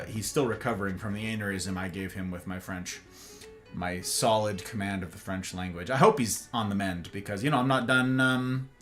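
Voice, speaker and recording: A man with a lowish voice and fairly bright tone streams live, reading out his chat. He rambles casually and trades jokes with his viewers.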